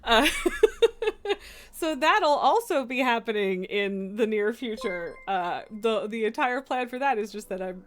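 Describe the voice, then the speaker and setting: A woman live-streaming a game, cooing baby talk to her cat and chatting warmly with viewers. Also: a little high, expressive, a little slow, a little hiss or hum. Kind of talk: casual live-stream chat. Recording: faint music behind.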